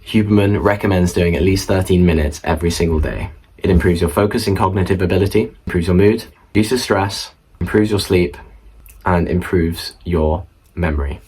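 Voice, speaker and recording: A man's voice: low-pitched, normal speed, darkish tone, slightly rough, rough recording. A young man talking casually to camera in a room, explaining study tips with chatty asides to the viewer. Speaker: student study vlogger. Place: indoor room at home. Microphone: camera mic facing viewer.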